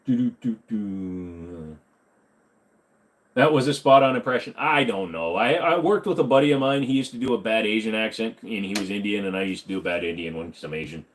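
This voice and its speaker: A man's voice: on the low side, fast talker, few pauses. A man hosting a casual livestream Q&A, reading chat questions aloud, joking and rambling, correcting himself as he goes. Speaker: host.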